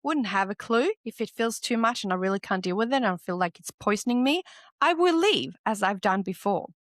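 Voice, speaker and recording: Aussie woman host, solo self-help podcast, blunt and lively, swears a lot, dry close sound. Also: mid-range voice, a little fast, dry recording. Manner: candid and animated, swears freely. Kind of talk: solo motivational podcast talk.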